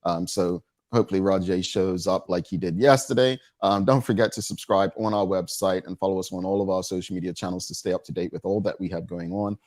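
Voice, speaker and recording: A man hosting a talk show, talking in casual banter that stammers into restarts and leaps up in pitch when he gets excited. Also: fairly quick, hardly any pauses, dry recording, studio quality.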